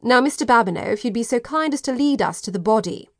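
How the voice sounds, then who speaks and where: A woman's voice: a little high, animated, fast, no echo, pitched above the performer's own voice. An authoritative British chief inspector speaks in a formal, commanding way, voiced by a woman narrator. The recording is dry and close. He is an audiobook character. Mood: impatient.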